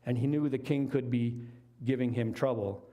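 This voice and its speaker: A man's voice: mid-range voice, fairly even intonation, moderate pace, mellow. A middle-aged man preaching a sermon, retelling a Bible story in a conversational, folksy way with casual asides. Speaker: lay preacher.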